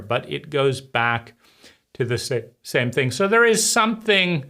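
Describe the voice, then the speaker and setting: Slow, bright-voiced man musing. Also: medium pitch, big pitch swings. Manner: slow, deliberate, pausing between phrases. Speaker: channel host. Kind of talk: reflective philosophical monologue.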